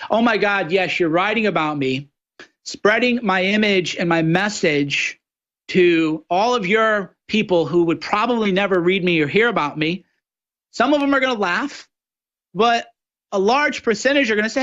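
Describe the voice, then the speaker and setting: A man's voice: high voice, a little slow, a bit bright, dull audio. A man guest-hosting a political talk show, delivering a mocking monologue that slips into sneering impressions of his opponents. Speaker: radio show guest host.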